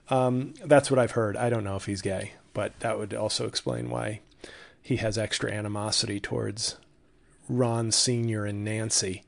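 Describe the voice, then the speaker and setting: A man's voice: on the low side, steady tone, moderate pace, creaky. Sardonic, profane man hosting a podcast. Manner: sardonic, profane, self-mocking rambling. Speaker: podcast host. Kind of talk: solo comedic podcast monologue. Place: home studio.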